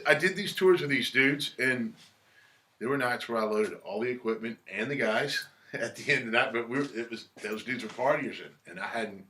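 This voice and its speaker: A man's voice: mid-range voice, bright, forceful tone, slight background noise. A man telling stories in a casual interview, laid-back, swearing freely and acting out what others said. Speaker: musician guest. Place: record shop.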